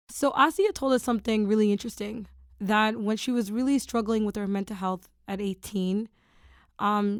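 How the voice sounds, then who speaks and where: A woman's voice: medium pitch, a little mellow, smooth, no echo, clean studio sound. A woman hosting a podcast, chatting in a relatable way with fillers. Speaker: podcast host. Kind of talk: casual podcast chat.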